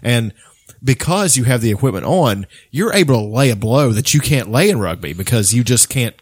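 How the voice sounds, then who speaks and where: Rambling, lively-voiced man. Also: mid-range voice, moderate pace, slightly rough, no room sound, clean studio sound. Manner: rambling storyteller, swears often, many restarts. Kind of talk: casual chat.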